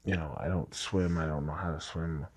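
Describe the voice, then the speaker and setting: A man's voice: very deep voice, fairly even intonation, a little fast, husky, dry recording. A man casually telling a personal story, rambling and restarting his sentences. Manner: rambling, repeats himself with false starts.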